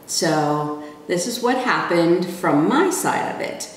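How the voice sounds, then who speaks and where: Low-voiced woman in a very echoey room. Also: takes it slowly, slight background noise. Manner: conversational, relaxed, plain-spoken. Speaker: family member telling a personal story. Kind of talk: casual personal storytelling. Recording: very echoey room, mic far off.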